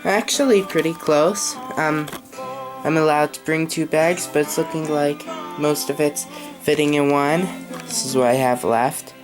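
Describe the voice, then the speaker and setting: A young woman talking casually to the camera in a travel vlog, relaxed and halting, with many fillers. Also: low-pitched, music in the background. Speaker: vlogger.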